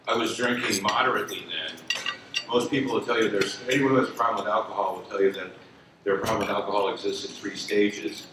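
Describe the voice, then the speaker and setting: A man in his sixties reminiscing at an association event, rambling and conversational with many fillers and restarts. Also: fairly low pitch. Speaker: lawyer telling a story at an association event. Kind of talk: spoken reminiscence to an audience. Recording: echoey room from far off, dinner noise. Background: clinking cutlery and dishes.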